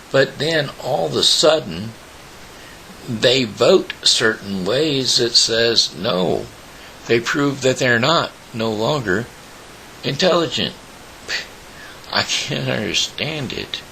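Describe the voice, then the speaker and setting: Missouri guy rambling his way through a story, low voice but swings all over in pitch. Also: vocal fry, pushed and bright, slight background noise, poor audio. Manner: rambling, thinks aloud with many uhs. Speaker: host.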